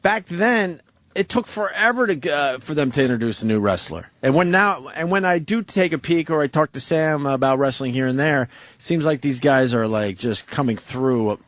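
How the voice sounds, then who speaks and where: A man's voice: on the high side, expressive, normal speed, a bit bright, no echo. A man hosting a radio talk show in a studio, chatting loosely and cutting in to steer the conversation. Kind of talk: casual radio chat. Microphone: studio microphone.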